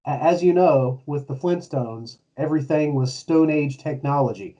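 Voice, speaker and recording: Mellow man heard from a distance. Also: on the high side, normal speed. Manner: laid-back, chuckling, storytelling. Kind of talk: casual chat. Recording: distant, muffled lo-fi mic.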